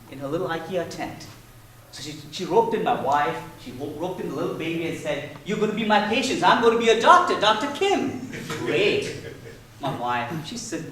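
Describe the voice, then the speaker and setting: A man in his thirties giving a prepared contest speech in playful, animated storytelling. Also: on the high side, slight background noise. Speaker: contest speaker. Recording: echoey hall, mic far off.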